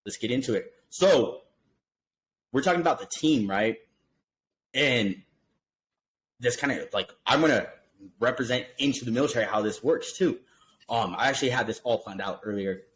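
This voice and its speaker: A man hosting a casual podcast, telling stories in a loose, animated, chatty way. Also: medium pitch, normal speed, pauses often, a little hiss or hum, rough recording. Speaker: podcast host.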